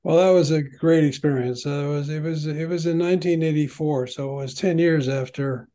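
An older man, a veteran padel player, tells long stories in an unhurried, rambling way, full of ums and restarts. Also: fairly high pitch, steady tone, dark tone. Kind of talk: conversational storytelling.

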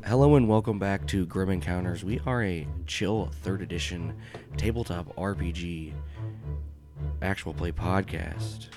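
A young man with a hoarse voice, hosting a tabletop game podcast as game master, joking and swearing through casual banter. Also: low-pitched, a little slow, music in the background.

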